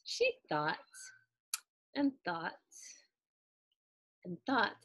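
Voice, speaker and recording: A woman reading a children's picture book aloud in an expressive, animated storytelling way. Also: on the low side, drawn-out words, pauses often, dry recording.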